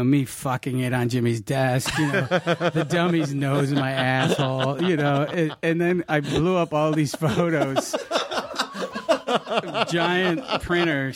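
A man's voice: on the high side, fairly even intonation, a little slow, crowd noise. A man casually telling backstage stories about directing a television show, rambling with lots of fillers and restarts. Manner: rambling, many fillers and restarts, laughing asides. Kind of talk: casual storytelling chat.

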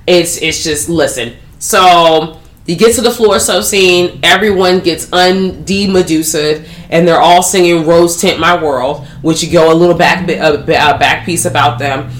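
Animated profane woman recapping a movie. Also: on the low side, a little slow. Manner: animated, profane, slangy storytelling. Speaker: podcast host. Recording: roomy echo.

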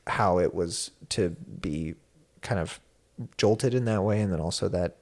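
A young man who teaches at a university, telling a personal story in casual conversation, animated and full of fillers. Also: low voice, unhurried. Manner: animated, many fillers, laughs while telling. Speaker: university instructor and guest.

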